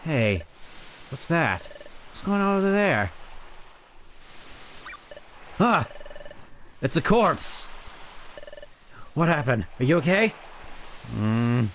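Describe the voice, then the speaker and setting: A man's voice: on the high side, very animated, takes it slowly, pauses often, fairly bright tone, slight background noise, heavily acted. A man voicing a friendly young partner Pokémon in a video game, in a plain, earnest and kindly way.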